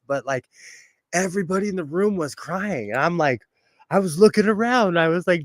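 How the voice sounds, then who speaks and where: A man from Los Angeles hosts a sewing livestream, telling stories in a loose, chatty way and laughing often. His voice sits a little high and comes through dry and close, with no room sound. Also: lively intonation, unhurried, a bit bright, no room sound. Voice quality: bald. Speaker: livestream host. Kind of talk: casual chat while sewing.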